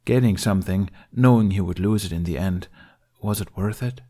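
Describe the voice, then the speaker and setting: A man narrating fan fiction as an audiobook in a steady, emotional storytelling manner. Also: on the low side, normal speed.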